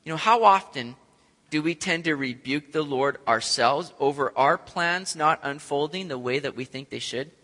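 Animated preacher in an echoey hall. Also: male voice, fairly high pitch, normal speed. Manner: animated, acts out scenes, swings from loud to soft. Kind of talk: sermon.

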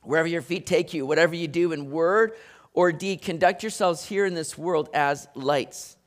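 Man preaching, high voice, animated, conversational asides. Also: normal speed. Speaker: pastor. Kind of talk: sermon.

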